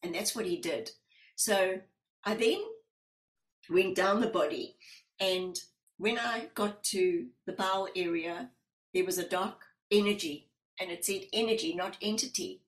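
A woman hypnotherapist guest recounting her client sessions and lending her voice to each person in them. Her pitch sits in an ordinary middle range, and the room gives her an audible echo. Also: a little slow. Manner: animated, acts out quoted dialogue. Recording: roomy echo.

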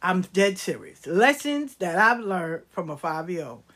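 Middle-aged lady telling funny family stories, swears a lot, super animated. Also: lowish voice, unhurried, a little hiss or hum. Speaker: storyteller. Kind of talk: casual comedic storytelling.

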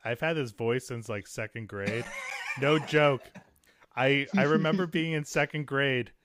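A man's voice: mid-range voice, unhurried, fairly bright tone, a little hiss or hum. A man in his forties hosting a casual chat, rambling with lots of fillers and restarts.

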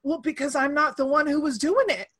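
A woman in her thirties hosting a casual conversation over a remote call, animated and acting out the voices she quotes. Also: high voice, brisk.

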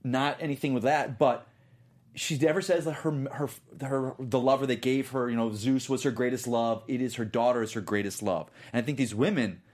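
A man's voice: medium pitch, steady tone, fairly quick, a little mellow. A man chatting casually on a movie news panel, rambling and hedging with jokes. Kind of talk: casual chat.

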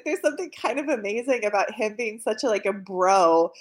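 A woman's voice: mid-range voice, fairly quick. A woman co-hosting a casual film podcast, blunt and sarcastic, swearing freely. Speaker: podcast co-host. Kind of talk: casual movie discussion.

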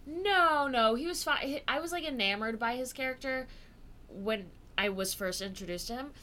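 A woman's voice: on the high side, moderate pace, sharp tone, slight background noise. A young woman co-hosting a podcast, chatting casually with a crude, giggly, playful manner. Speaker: podcast co-host. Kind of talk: casual chat.

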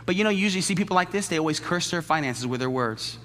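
A male pastor preaching a lively, joking sermon in a church, often acting out the people he describes. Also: fairly high pitch, racing, hardly any pauses. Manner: animated, jokey, acts out quoted voices. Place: church sanctuary. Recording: long church hall reverb.

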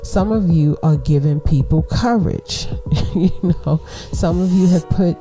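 A woman's voice: lowish voice, measured pace, dark tone, faint music behind. Slangy, laughing middle-aged woman podcaster. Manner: chatty, slangy, laughs often. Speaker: podcast host. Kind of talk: casual advice monologue.

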